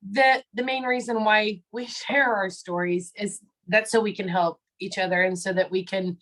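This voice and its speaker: A woman's voice: mid-range voice, fairly even intonation, normal speed, a bit bright, low-quality recording. A woman beginning an earnest personal testimony over a video call. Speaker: testimony speaker.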